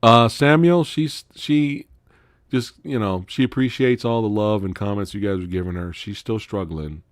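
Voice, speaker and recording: In clean, dry studio audio, a man with a fairly low pitch talks at a moderate pace. He's the host of a casual live stream, swearing freely and laughing often as he tells animated stories.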